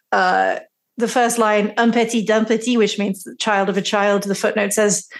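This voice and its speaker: A woman's voice: medium pitch, unhurried. A woman co-hosting a podcast in casual chat, laughing often as she talks. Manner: giggly, laughs often between lines. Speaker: podcast co-host.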